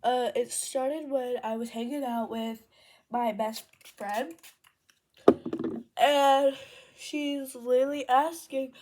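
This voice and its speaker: A woman's voice: sits high, fairly even intonation, slow, pauses often, background noise. A teenage girl telling a rambling storytime while doing her makeup, full of ums and self-corrections. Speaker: vlogger.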